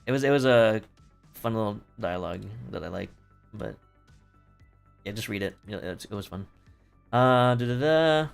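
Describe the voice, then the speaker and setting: A man's voice: on the low side, lively intonation, normal speed, vocal fry, long pauses, smooth. A man streaming from home, recapping a play in casual chat, rambling and swearing with lots of fillers and restarts. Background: faint background music.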